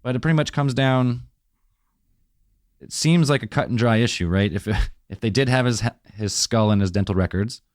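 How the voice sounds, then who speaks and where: A man in casual podcast talk who reasons out loud and keeps asking questions. His voice sits somewhat low. The sound is dry and close. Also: dry recording. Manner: questioning, thinking aloud. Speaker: podcast co-host. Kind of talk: casual chat.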